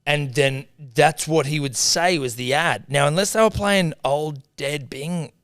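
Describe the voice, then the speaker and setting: A young Australian man co-hosting a podcast, swearing freely and jumping in loudly in casual comedic chat. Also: on the high side, a little slow, clear, resonant tone, dry recording, clean studio sound. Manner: animated, sweary, jumps in loudly. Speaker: podcast co-host.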